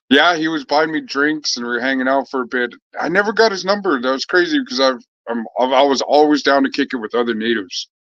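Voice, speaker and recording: A man talks to his viewers in a loose, rambling chat, swearing freely and circling back with fillers and restarts. His voice sits at a middling pitch. The recording is dry and a little dull, like a lo-fi home setup. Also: fairly bright tone, no echo. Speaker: vlogger chatting with viewers.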